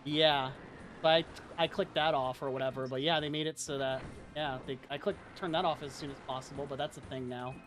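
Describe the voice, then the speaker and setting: During a casual livestream, a man chats and rambles through animated stories, saying "like" constantly. His pitch is medium, his pace fairly quick, and faint music plays behind him.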